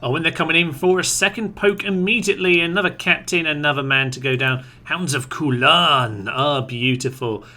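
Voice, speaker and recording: A man's voice: a little high, moderate pace, few pauses, pushed and bright. A man giving chatty let's-play commentary on a strategy game, playfully addressing his troops aloud. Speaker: gaming commentator.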